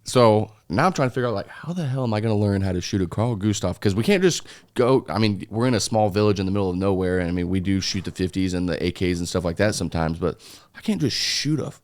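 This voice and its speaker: A young man telling a story in a casual interview, animated and full of restarts and casual swearing. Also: lowish voice, fast, no room sound, studio quality. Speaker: interview guest, foreign volunteer fighter.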